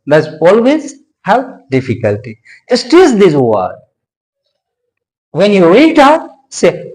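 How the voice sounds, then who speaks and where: An English pronunciation teacher giving an explanatory lesson, talking deliberately, repeating points and pausing often on "uh". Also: mid-range voice, wildly swooping pitch, a little mellow, low-quality recording.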